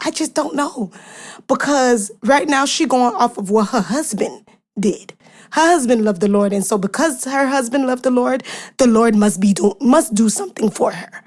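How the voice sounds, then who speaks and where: A woman hosting a podcast, giving a casual devotional Bible message in a chatty, animated way with slang and quick asides. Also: fairly high pitch.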